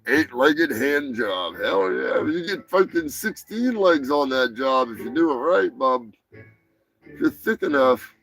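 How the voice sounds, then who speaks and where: A man's voice: medium pitch, animated, unhurried, fairly bright tone, poor audio. A man hosting a live show, reading odd news stories in a crude, profane, mocking way. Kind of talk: crude comedic news chat.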